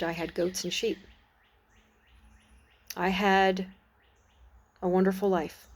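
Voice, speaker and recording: A middle-aged woman talking earnestly and reflectively about her faith in a personal vlog, pausing and restarting her sentences, outdoors on a porch. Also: mid-range voice, darkish tone. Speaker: Christian vlogger. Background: birds and dogs outside.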